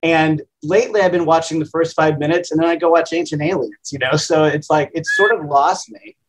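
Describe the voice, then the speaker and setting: A radio host in his fifties talks plainly and casually, the way he would at a kitchen table. His voice sits a little high for a man, and he keeps the tone self-deprecating and easygoing. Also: fairly quick, poor audio. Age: 50s. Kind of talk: casual interview answers.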